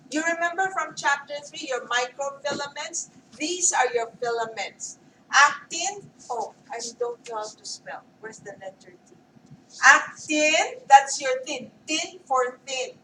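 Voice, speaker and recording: A woman's voice: high voice, slow pace, sharp tone, a little hiss or hum. A woman lecturing a class on anatomy, often stopping to check with "okay?" and putting questions to her students. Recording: roomy classroom mic from far off.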